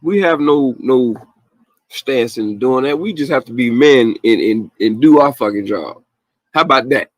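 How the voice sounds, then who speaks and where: Podcast host, male, mid-pitch, casual profane rant, dry close mic. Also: measured pace, no room sound. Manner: blunt, profane, animated, with laughs and mocking quotes.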